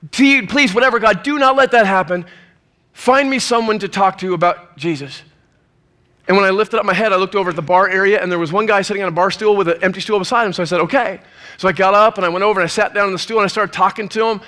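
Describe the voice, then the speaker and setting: A male preacher telling a story in a sermon, lively and acting out the scenes. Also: high voice.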